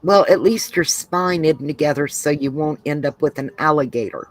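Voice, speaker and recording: A woman's voice: low voice, normal speed, low-quality recording. A woman from Georgia co-hosting a craft live stream, reading viewer comments aloud. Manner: relaxed, reads out comments.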